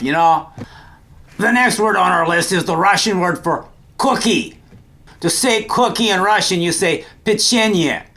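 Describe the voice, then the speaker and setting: A cheerful man walks through a vocabulary list in a chatty, scripted way and slows down to repeat each new word. His voice sits high and has a gravelly edge. It is bright and a little tense. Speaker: language teacher host. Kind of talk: upbeat scripted vocabulary lesson.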